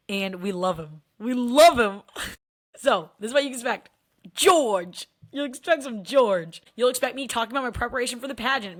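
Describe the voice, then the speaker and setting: A woman in her thirties, her mid-range voice a little bright, speaks candidly to the camera in a casual personal vlog. She's chatty and leans heavily on "like" as a filler.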